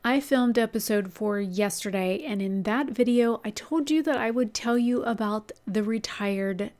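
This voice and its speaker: Her voice is mid-range with a somewhat dark tone. This customer service agent talks openly in a storytelling vlog, letting the occasional swear word slip.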